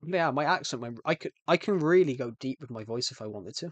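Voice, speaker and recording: A man's voice: mid-range voice, expressive, a little fast, no room sound. A young man with a British accent who streams games, chatting casually in a rambling, self-correcting way. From United Kingdom. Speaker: game streamer. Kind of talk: casual live-stream chat.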